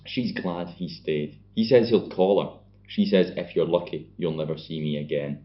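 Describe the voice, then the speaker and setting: A man's voice: low voice, normal speed. A young Scottish man co-hosting a podcast, bantering casually and swearing freely as he recaps a film. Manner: banterous, swearing, acts out scenes in put-on voices. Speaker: podcast co-host. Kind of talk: casual chat. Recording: dull lo-fi sound.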